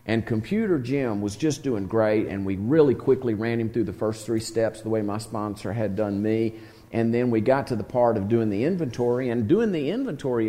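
A man's voice: fairly low pitch, warm tone, big-room sound. A man leading a recovery meeting, telling a long story in a rambling, folksy way full of fillers. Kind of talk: storytelling talk to a group.

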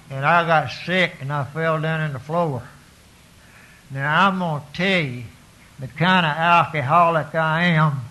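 A man's voice: a little high, sharp tone, poor audio. A man tells his recovery story to an audience in a folksy, self-mocking way, full of restarts and "you know"s.

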